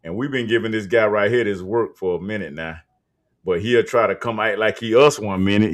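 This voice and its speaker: Man, casual chat, emphatic, slangy, somewhat low pitch. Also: fairly quick.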